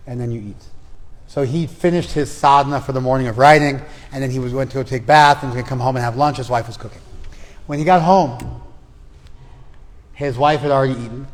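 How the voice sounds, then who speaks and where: With a mid-range, slightly mellow voice, a man leads a spiritual class in a hall classroom where a long reverb trails his words. His storytelling lecture recounts a traditional tale in a conversational way, sprinkled with personal asides.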